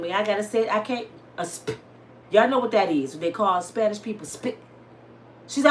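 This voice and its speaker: Animated woman telling a wild story. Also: mid-range voice, moderate pace, a little hiss or hum. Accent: African American Vernacular English. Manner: dramatic, addresses listeners as y'all. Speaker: storyteller host.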